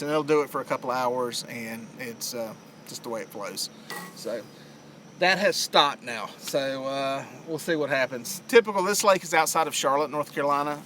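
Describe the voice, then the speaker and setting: Southern guy rambling on a fishing livestream, kinda high, crisp bright voice, lots of uh's. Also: a little hiss or hum. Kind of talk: casual live-stream chat. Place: outdoors on a lake.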